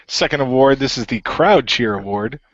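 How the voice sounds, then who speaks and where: A man's voice: medium pitch, lively intonation, normal speed, no echo. A man hosting a casual podcast, passing turns to others and laughing often. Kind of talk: casual chat. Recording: dull dry lo-fi recording.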